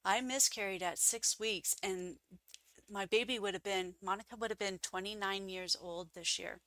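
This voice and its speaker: A woman who is a guest on an interview show, telling her stories casually and acting out the quoted voices with big jumps in pitch. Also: fairly even intonation, moderate pace, bright, forceful tone, dry recording.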